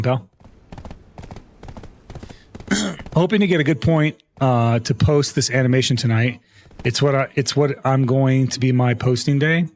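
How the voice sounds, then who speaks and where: Male gaming streamer, mid-pitch, loose rambling chat with viewers, lots of restarts. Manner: rambling, answers chat, many fillers and restarts. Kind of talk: casual live-stream chat.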